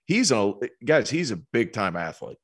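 Lower-voiced man in casual hoops talk. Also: normal speed, slightly rough. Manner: relaxed storytelling, animated when quoting others. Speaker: basketball analyst. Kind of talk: casual sports podcast chat.

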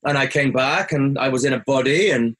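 A guest recounts a personal story in a mid-range, slightly fast, a bit bright voice. His delivery is earnest and reflective, and his pitch jumps sharply when he quotes himself.

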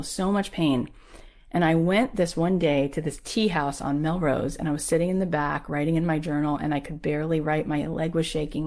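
A woman, telling a personal story in an animated way and acting out the voices she quotes. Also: low-pitched.

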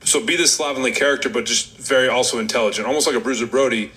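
A man's voice: medium pitch, very fast, pushed and bright, poor audio. A man from upstate New York, a former wrestler, telling candid stories in a casual interview. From Rochester, New York. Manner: candid, rambling, self-deprecating.

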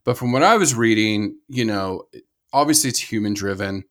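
A man's voice: fairly low pitch, moderate pace, fairly bright tone. Enthusiastic, rambling American man co-hosting a podcast. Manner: enthusiastic, rambling, frequent laughter and restarts. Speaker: podcast co-host. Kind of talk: casual conservation podcast chat.

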